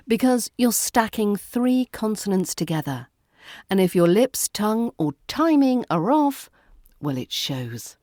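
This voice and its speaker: A woman's voice: mid-range voice, warm tone, no echo, studio quality. A woman with a British RP accent, teaching pronunciation as an accent coach in a playful, dryly witty scripted voice-over, whispering some of her sound demonstrations.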